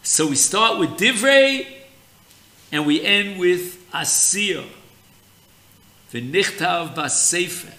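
A man giving a slow, deliberate Torah lesson on a holiday theme, speaking with an of terms. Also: sits high, expressive, pushed and bright. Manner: slow, deliberate teaching, mixing Hebrew terms. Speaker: rabbi teaching Torah.

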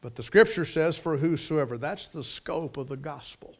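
A man's voice: fairly high pitch, lively intonation, normal speed. Folksy preacher man, emphatic. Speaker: preacher, Bible college teacher. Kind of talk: sermon.

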